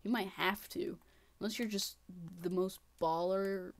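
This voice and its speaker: A woman giving casual, excitable gameplay commentary, talking to herself and running herself down, swinging from muttering to shrieking. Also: mid-range voice, unhurried, slight background noise. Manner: self-deprecating, talks to herself. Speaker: gaming channel host.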